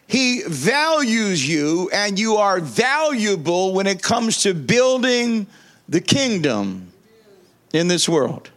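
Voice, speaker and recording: A man's voice: sits high, a bit bright. A male pastor preaching a sermon, leading his congregation in call-and-response and repeating phrases with enthusiasm.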